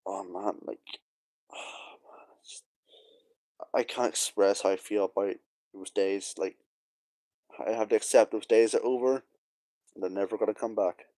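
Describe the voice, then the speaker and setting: A man's voice: lowish voice, fairly even intonation, normal speed, pauses often, warm tone, no room sound. A young man talking casually to camera, rambling and wistful, with many fillers and sighs. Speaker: vlogger. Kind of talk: casual nostalgic monologue.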